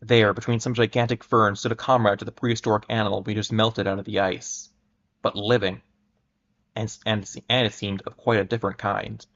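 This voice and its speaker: A man reads an old adventure story aloud in a measured, dramatic way, now and then tripping over a word. His voice sits low with a gravelly texture. The recording is dull and lo-fi. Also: level tone, fairly bright tone. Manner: measured, with occasional stumbles and restarts. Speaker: reader. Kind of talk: dramatic reading of pulp fiction. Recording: muffled lo-fi recording.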